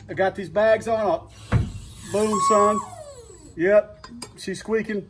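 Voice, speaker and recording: A man's voice: high voice, steady tone, measured pace. A man with a Southern US accent talking casually and profanely as he vlogs a truck repair in his home garage, rambling and exasperated. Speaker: DIY truck vlogger. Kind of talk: casual workshop vlog rant.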